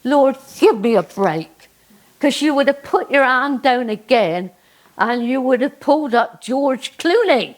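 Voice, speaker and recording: Cornish lady doing jenny, an honest fussy older cornish woman, high and a bit flustered. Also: animated, measured pace, low-quality recording. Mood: cheeky.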